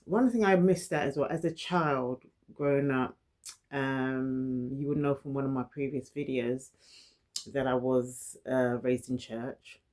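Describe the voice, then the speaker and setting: Middle-aged woman vlogger, talks to camera with a stutter, restarts words and laughs softly between thoughts. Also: a bass voice, a little slow. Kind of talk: personal storytelling to camera.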